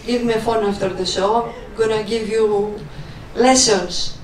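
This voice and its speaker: A woman doing a stand-up comedy set, delivering blunt, deadpan one-liners on a club stage. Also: mid-range voice, unhurried, slight background noise. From Russia. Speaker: stand-up comic. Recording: roomy live club sound from a distance.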